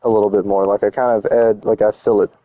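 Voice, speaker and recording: A man's voice: fairly low pitch, flat delivery, fast, mellow, dry recording. A young man streaming a game, chatting casually and teasing his chat in slangy, rambling talk while he builds.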